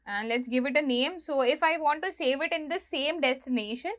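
A woman's voice: high-pitched, fairly quick, fairly bright tone. A woman teaching a coding lesson, explaining each step while she types and reads code aloud. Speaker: programming instructor. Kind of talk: screen-recorded coding tutorial.

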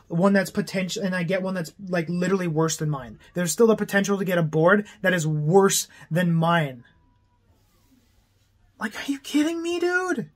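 A young man from Canada ranting angrily to his viewers, swearing often and sounding exasperated. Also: sits high. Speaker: vlogger. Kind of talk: angry rant to camera.

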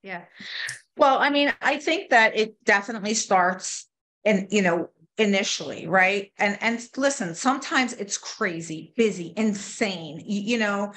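A woman retail consultant talks through her sales approach in a relaxed interview. She keeps it lively, jumping into short acted snippets of customers and salespeople as she goes. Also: medium pitch. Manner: animated, mimics customers and salespeople in quick asides. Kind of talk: casual interview, acting out sales-floor dialogue.

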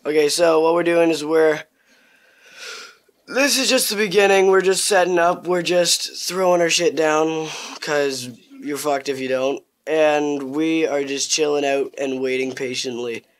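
Young guy cursing nonstop over his gameplay clips, kinda high voice, gets hyped fast. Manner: crude, swearing constantly, excitable bursts. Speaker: gameplay commentator. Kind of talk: casual gameplay commentary.

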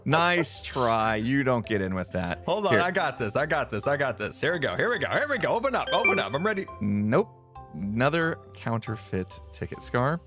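A man's voice: medium pitch, sing-song, moderate pace, over music. A man playing a video game and chatting, with playful, theatrical reactions. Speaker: Minecraft player. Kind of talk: casual gaming commentary.

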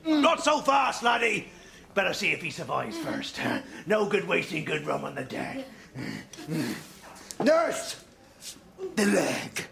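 A man's voice: sits high, big pitch swings, takes it slowly, creaky, crowd noise. A man playing a reckless carpenter posing as a ship's doctor. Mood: gleeful pirate. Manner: growling pirate talk, gleeful, loud.

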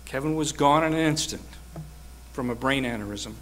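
A man's voice: medium pitch, normal speed, fairly bright tone, a little hiss or hum. A man preaching a sermon, telling a personal story with earnest, rising emphasis.

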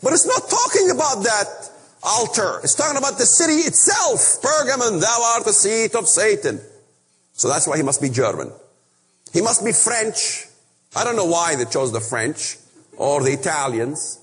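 Man, preaching a Bible lesson, emphatic rhetorical questions, high voice, echoing hall. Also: sing-song, moderate pace, a bit bright. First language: Arabic. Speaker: speaker on biblical prophecy. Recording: long reverb of a hall.

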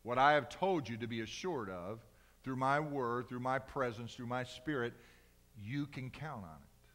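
A male pastor preaching a sermon in a church, swinging from loud cries to hushed, slow emphasis. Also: mid-range voice, in a large hall. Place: church sanctuary.

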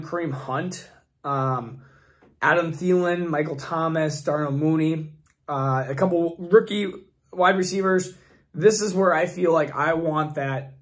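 A man hosting a fantasy football channel, his voice hoarse and failing, rambling through mock draft picks in casual commentary. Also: fairly high pitch. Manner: rambling, restarts often, thinks aloud.

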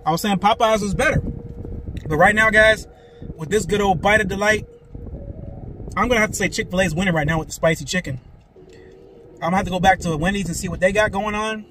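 Man, high voice, excited casual food review, parked car, faint traffic outside. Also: brisk, long pauses. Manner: excited, keeps saying "guys" and "man". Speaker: food vlogger. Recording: faint road noise from inside a car. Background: cars passing by.

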